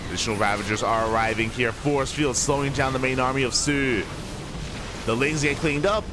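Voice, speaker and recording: A young man doing live play-by-play commentary on a strategy video game, sleepy and slightly slurred, excitable during fights. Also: medium pitch, fairly quick, background noise. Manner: excitable, drowsy between fights. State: just woke up, slurring. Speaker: esports caster.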